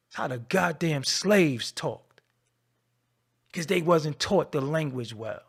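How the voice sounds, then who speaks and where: A man hosting his own channel, delivering a scolding, confrontational rant that swings between loud and low. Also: expressive, slow, creaky, breathy edge. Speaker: channel host. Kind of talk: ranting commentary to camera.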